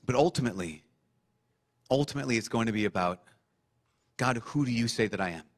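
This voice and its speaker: A priest preaching to a young audience, impassioned and repeating phrases for emphasis, then slowing into a soft prayer. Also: male voice, medium pitch, animated.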